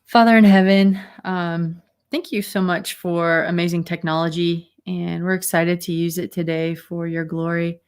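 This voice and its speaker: A woman's voice: fairly low pitch, flat delivery, normal speed, few pauses, clear, resonant tone. A woman hosting a casual livestream chat over a video call, rambling with fillers and giggles. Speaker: host.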